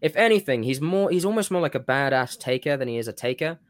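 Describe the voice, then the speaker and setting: A man on a casual podcast, rambling and stopping himself mid-thought as he pitches a wrestling storyline. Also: expressive, quick pace, dry recording. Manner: rambling, self-interrupting. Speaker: podcast co-host. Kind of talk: casual wrestling fantasy-booking chat.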